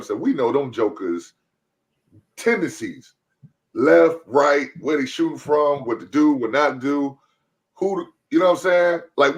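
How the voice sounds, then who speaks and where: A man co-hosts a sports podcast, his voice at a middle pitch. He talks in a laid-back, casual way and circles back to repeat his points. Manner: laid-back, repeats phrases, loud when riled up. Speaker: podcast co-host.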